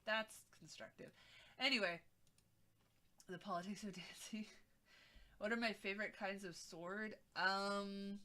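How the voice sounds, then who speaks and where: Bright-voiced woman streamer, sarcastic and rambling. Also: mid-range voice, steady tone, measured pace, long pauses. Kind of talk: casual live-stream chat.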